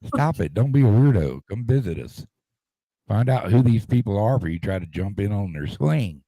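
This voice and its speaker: A man co-hosting a live stream, loud, jokey and swearing freely in casual chat. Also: on the low side, animated, normal speed, no echo.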